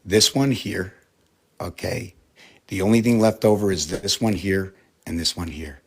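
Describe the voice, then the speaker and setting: Brief: man, lowish voice, casual rambling vlogger, muses aloud with rhetorical questions. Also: a little slow. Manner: musing, asks many rhetorical questions. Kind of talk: rambling casual explanation to camera.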